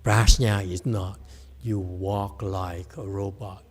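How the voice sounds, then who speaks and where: A man's voice: low voice, fairly even intonation, slow, slightly rough. A middle-aged man, a Buddhist teacher, giving a chatty dharma lecture with digressive asides and frequent laughs. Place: temple hall.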